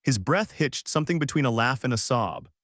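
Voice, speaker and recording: A man narrating a scripted story in a somber, measured way. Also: medium pitch, expressive, fairly bright tone, no echo, clean studio sound.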